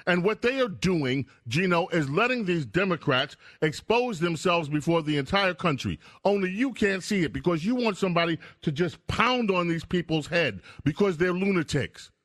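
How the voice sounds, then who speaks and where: A man's voice: sits high, lively intonation, normal speed, hardly any pauses, a bit bright, dry recording. A man hosting a call-in radio talk show, emphatic and insistent, cutting in by repeating the caller's name from a studio mic. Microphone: studio microphone.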